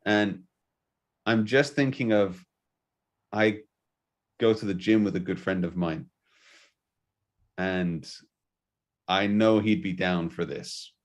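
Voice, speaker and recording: Male podcast host, lowish voice, earnest and enthusiastic. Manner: earnest, enthusiastic, quick bursts. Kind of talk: casual spiritual chat.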